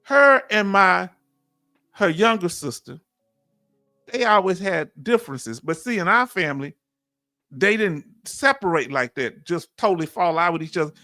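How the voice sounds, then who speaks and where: A man hosts a casual live stream, reading out comments and drifting into family stories. His voice sits high for a man, and the sound is dry and close. Soft music plays faintly behind him. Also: animated, normal speed, dry recording. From Texas. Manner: folksy, storytelling, reads chat aloud. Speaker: host. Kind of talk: casual livestream chat.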